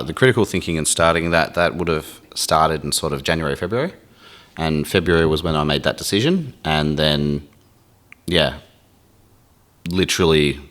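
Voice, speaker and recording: A man's voice: a bass voice, fairly bright tone. A man speaking candidly as a podcast guest, emotional and swearing freely, acting out his inner voice. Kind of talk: candid conversation.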